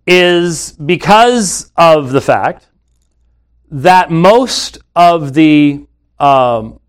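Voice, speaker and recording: Speaking from a studio with screens and a computer, a man hosts a live webcast of unscripted Bible teaching. His voice is on the high side with lively intonation, extremely slow, clear and resonant. He's emphatic and argumentative, frequently restarting his sentences.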